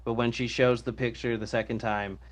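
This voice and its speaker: A man co-hosting a podcast, talking in a relaxed, rambling way with lots of fillers. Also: medium pitch, brisk. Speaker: podcast co-host. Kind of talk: casual podcast discussion.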